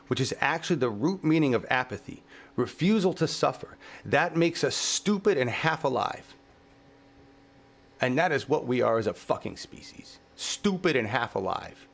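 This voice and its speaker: A man hosting his own channel, delivering an impassioned, profane rant outdoors in his yard, swinging between grief and shouting. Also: medium pitch, very animated, normal speed, gravelly. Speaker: channel host.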